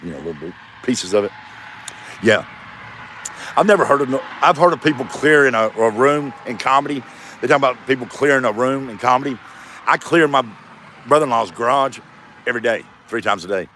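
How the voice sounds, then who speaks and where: A man's voice: mid-range voice, expressive, fairly quick, pauses often, sharp tone. Rambling profane man in his fifties. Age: 50s. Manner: rambling, profane, self-mocking. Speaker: comedian vlogger. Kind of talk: rambling solo vlog. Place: front yard by a road, outdoors. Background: passing traffic.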